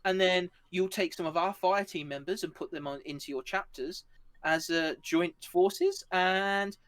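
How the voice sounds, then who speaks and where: A man's voice: sits high, a little slow, a bit bright, pitched above the performer's own voice. A man voicing an eccentric, pompous president who rambles grandly. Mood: gleeful.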